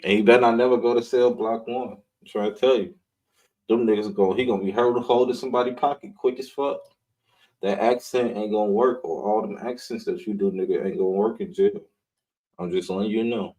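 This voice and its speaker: A man's voice: on the low side, fairly even intonation, a little fast, a little mellow, low-quality recording. A man hosting a live online show, riffing in blunt, mocking casual commentary and swearing freely.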